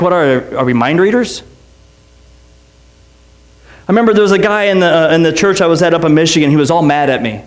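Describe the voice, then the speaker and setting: High-voiced man preaching with passion. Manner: impassioned preaching, voice climbing high on repeated lines; conversational storytelling with quick asides. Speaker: pastor. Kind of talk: sermon.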